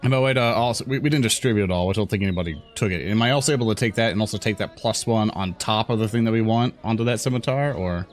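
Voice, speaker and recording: A man's voice: on the low side, very fast, hardly any pauses, faint music behind. A man playing a tabletop game who asks hesitant questions with many restarts. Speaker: player.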